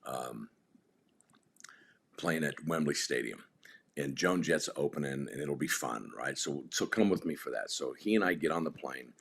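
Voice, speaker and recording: Very deep-voiced man spinning road stories. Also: moderate pace, creaky, breathy edge. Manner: rambling, animated anecdotes with many restarts. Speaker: podcast guest. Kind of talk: casual storytelling chat.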